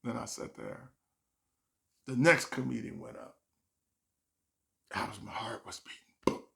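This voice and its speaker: A man telling a personal story as a stand-up comedian, animated and acting out the voices of the people in it. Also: mid-range voice, a little slow, creaky. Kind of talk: storytime monologue.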